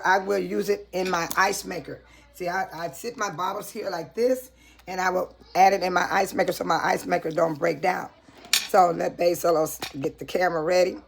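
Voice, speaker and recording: A woman's voice: on the low side, gravelly, background noise. Woman, chatty kitchen vlog, laughing, dishes clinking faintly behind. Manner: chatty, laughs a lot, addresses viewers as y'all. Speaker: vlogger. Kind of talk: casual kitchen vlog talk. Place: home kitchen.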